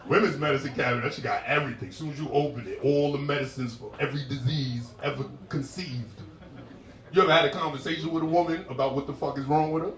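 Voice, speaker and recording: A man doing a stand-up set, animated and jumping into high-pitched impressions of women, with crowd work. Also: fast. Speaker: stand-up comedian. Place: comedy club stage. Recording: roomy live club sound heard from a distance. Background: laughing audience.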